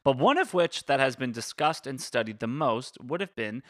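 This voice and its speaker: With an expressive mid-range voice and a fairly bright tone at normal speed, this podcast co-host presents the topic in casual conversation, explaining step by step. He frequently trips over big words and corrects how he says them; the recording is dry and studio quality.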